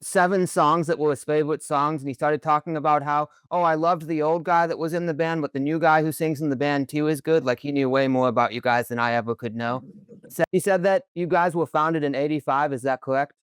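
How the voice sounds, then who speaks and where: A man's voice: on the high side, steady tone, fairly quick, clear, resonant tone, dry recording. A man interviewing a band, chatty and enthusiastic, joking as he asks questions. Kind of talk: casual interview.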